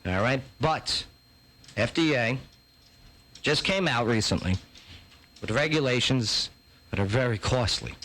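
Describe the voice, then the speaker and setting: A man hosting a talk show, joking loudly through clip reactions and reading a news story with many fillers. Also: mid-range voice, a little slow, long pauses, slight background noise, rough recording. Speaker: host. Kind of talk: casual chat, reacting to clips.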